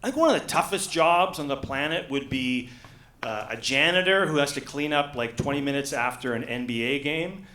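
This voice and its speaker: A man in his forties performing a stand-up comedy set, telling deadpan stories with lots of uh fillers. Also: medium pitch, moderate pace, a little hiss or hum. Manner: deadpan storytelling with frequent uh fillers. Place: comedy gala stage. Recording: echoey room.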